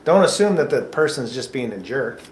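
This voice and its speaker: A man of medium pitch with big swings in his intonation runs a mock interview for job seekers, speaking fairly quickly. He's upbeat and jokey yet patient with his advice; the echoey coffee shop recording carries a little hiss or hum.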